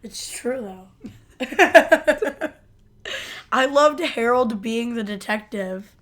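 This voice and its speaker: A woman's voice: on the high side, extremely slow, fairly bright tone. A woman co-hosting a podcast, chatting casually about a TV episode, laughing often and agreeing with her partner. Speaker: podcast co-host. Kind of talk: casual chat recapping a TV episode.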